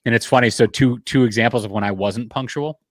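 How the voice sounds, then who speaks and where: A man who is a general contractor hosts a podcast in a casual interview, telling animated stories, swearing casually and laughing at his own tales. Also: mid-range voice, quick pace, no echo. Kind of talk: casual interview chat, storytelling.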